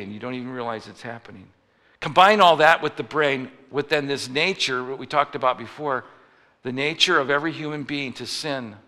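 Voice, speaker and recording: A man's voice: mid-range voice, creaky, sharp tone, long reverb tail. A man preaching a sermon in a conversational way, often restarting his phrases and acting out little stories. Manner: conversational, with frequent restarts and acted-out anecdotes.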